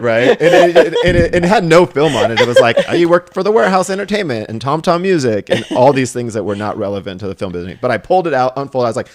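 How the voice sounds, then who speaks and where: A man's voice: medium pitch, fast. A man guesting on a podcast, telling stories casually, acting out quoted dialogue and laughing as he goes. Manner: animated, acts out quoted dialogue; laughs through his stories. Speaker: podcast guest, film director and assistant director. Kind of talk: casual storytelling.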